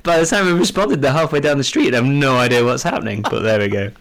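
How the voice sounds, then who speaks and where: A man's voice: medium pitch, very animated, fast, gravelly, a bit bright. A man with an English accent co-hosting a podcast in an upbeat, chatty way. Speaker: podcast co-host. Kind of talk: casual podcast chat.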